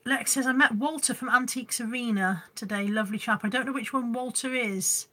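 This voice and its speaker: Bright-voiced chatty woman live-streaming. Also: a little high, a little fast. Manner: chatty and scattered, reads out comments. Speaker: live-stream reseller host. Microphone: phone camera.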